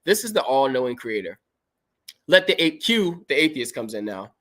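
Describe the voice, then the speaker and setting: A man's voice: medium pitch, very animated, moderate pace, a bit bright. Preachy man reading scripture on a livestream. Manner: preachy, emphatic, reads scripture aloud and comments. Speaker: podcast host. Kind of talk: livestream commentary with Bible reading.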